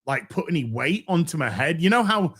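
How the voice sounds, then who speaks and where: A man's voice: a little high, big pitch swings, brisk, a bit bright, slightly rough. A man hosting a live stream who chats casually to his viewers, swearing freely and often restarting his phrases. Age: middle-aged. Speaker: livestream host.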